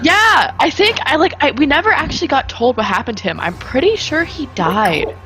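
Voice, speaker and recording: Animated, giggly woman on voice chat. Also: sits high, moderate pace, over music, low-quality recording. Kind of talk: casual chat.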